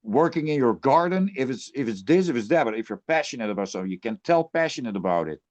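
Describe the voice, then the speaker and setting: A man's voice: mid-range voice, lively intonation, quick pace. A man who plays in a death metal band, ranting bluntly and with plenty of swearing in a casual podcast chat.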